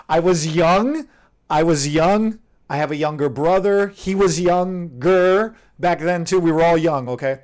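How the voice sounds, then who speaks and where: A man co-hosting a casual chat, telling a story in an animated way with laughter. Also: fairly high pitch, a little slow, slight background noise. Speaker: co-host.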